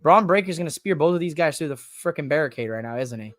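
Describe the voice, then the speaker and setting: A woman hosting a live wrestling watch-along podcast in casual chat, excitable and swearing, breaking into loud high-pitched shouts. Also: fast talker, dry recording, studio quality. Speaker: podcast host.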